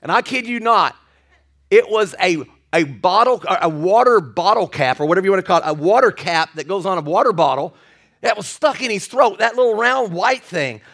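Older male pastor, high voice, folksy joking sermon delivery. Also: expressive, moderate pace, fairly bright tone. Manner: folksy and joking, with many restarts and asides.

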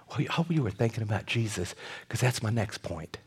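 A middle-aged man preaching a sermon, swinging from loud, stretched-out bursts to quiet, close asides. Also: fairly low pitch, lively intonation, brisk, breathy edge. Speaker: pastor.

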